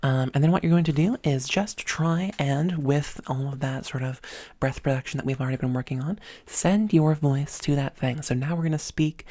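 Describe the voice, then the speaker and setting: A woman's voice: low-pitched, normal speed, warm tone, no echo. A woman voice coach talking at a desk microphone, explaining exercises step by step in an upbeat way. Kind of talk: spoken voice lesson.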